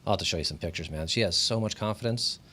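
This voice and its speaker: A man's voice: deep voice, fast talker, pushed and bright, slight background noise. A young adult man, a guest on a podcast, telling stories about his daughter in a thoughtful, chatty way full of likes. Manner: thoughtful, storytelling, lots of likes. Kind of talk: casual chat.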